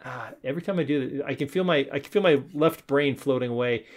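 A man's voice: mid-range voice, fast talker. Rambling man chatting about old films. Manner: rambling, restarts often, chuckles as he talks. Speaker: podcast co-host. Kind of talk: casual film discussion.

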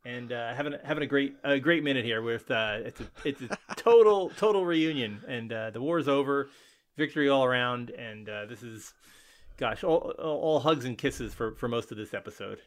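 A man's voice: medium pitch, normal speed. A man co-hosting a podcast in casual chat, talking in a hesitant way with many fillers and repeats and frequent laughs. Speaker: podcast co-host.

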